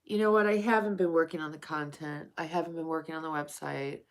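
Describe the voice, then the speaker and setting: A woman's voice: low-pitched, fairly even intonation, fast talker. A woman live streaming at night, chatting casually with viewers and calling them honey and darling.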